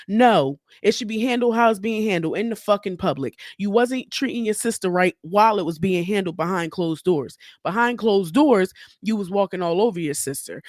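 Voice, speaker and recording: A woman's voice: mid-range voice, no room sound. A woman host sounding off alone on a podcast, blunt and fired up, cursing freely as she makes her case. Her mid-range voice sits close and dry on the mic, with no room sound around it. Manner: blunt, heated and profane, with frequent asides. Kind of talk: solo opinion commentary.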